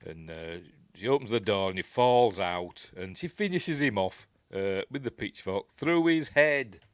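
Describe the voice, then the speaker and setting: Yorkshire man, lowish voice, dry close sound, rambling film recap full of asides. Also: animated, a little slow, clear, resonant tone, no room sound. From Yorkshire, England. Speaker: film reviewer.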